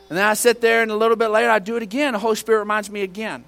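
A man preaching a sermon in church, telling folksy stories and now and then shouting out a line. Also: high-pitched, fairly even intonation, very fast, gravelly, hardly any pauses. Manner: folksy storytelling with bursts of shouting. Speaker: pastor.

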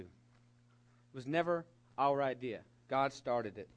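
A middle-aged man preaching a sermon to young people, animated and emphatic, dropping at times to a soft whisper. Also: medium pitch, takes it slowly, pauses often. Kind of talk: sermon to a youth congregation.

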